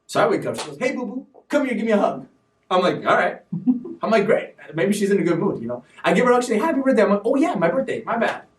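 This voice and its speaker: A man hosting a live stream show, talking in an animated, preachy way with sudden loud bursts. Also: sits high, quick pace, echoey room, recorded from a distance. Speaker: show host. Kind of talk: energetic live-stream talk.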